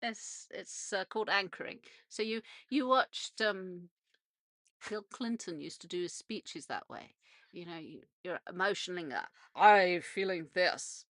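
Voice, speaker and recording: With a fairly low pitch, a sharp tone and a measured pace, a British woman hosts a casual radio monologue aboard a canal narrowboat. She chats and meanders, restarting often with little laughs, and the studio-quality audio has no room sound.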